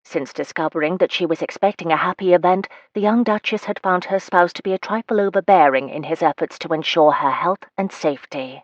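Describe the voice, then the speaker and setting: Low-voiced woman narrating a romance. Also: a little fast, dry recording, muffled recording. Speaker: audiobook narrator. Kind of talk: scripted narration of a romance novel.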